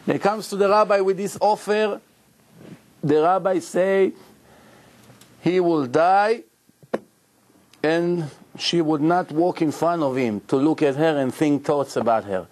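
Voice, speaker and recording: A rabbi whose voice is on the high side teaches slowly, pausing often. His Torah lecture is built around an animated story with acted-out dialogue and questions to listeners, delivered in non-native English grammar.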